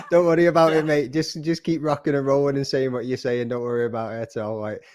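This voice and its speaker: A man's voice: medium pitch, steady tone, a little fast, a little mellow, dry recording, studio quality. A man with a Northwest English accent hosting a podcast, chatty and matey, often saying "you know what I mean". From Northwest England. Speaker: podcast host. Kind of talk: casual interview chat.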